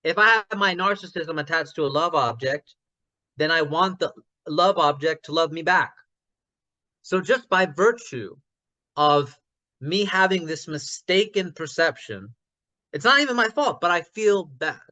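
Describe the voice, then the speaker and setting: A man in a casual online discussion who thinks aloud with many restarts and gets loud when passionate about ideas. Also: on the high side, expressive, a little slow. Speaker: discussion participant.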